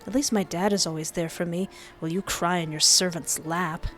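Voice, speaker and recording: A woman's voice: fairly low pitch, steady tone, a little fast, fairly bright tone, soft background music, voice pushed down, natural voice. A woman voicing a cheeky, sarcastic teenage boy who speaks in a dry, mocking way.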